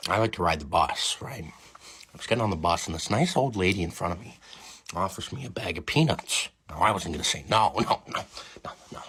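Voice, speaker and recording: A man doing a Joker-style voice, telling a drawn-out joke in a husky, low drawl. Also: expressive, bright, forceful tone, full character voice. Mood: storytelling. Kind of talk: comedic monologue.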